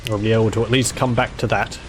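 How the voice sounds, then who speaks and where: A man's voice: lowish voice, flat delivery, quick pace, a little hiss or hum. Chatty man commenting on a game. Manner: chatty, rambling, jokey asides. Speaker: gameplay commentator.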